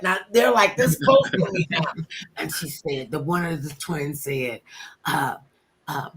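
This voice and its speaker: Animated older woman with a low voice. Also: normal speed. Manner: animated, acts out quotes with sudden loud bursts and hushed whispers. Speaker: former talk show host telling stories. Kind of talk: casual storytelling interview.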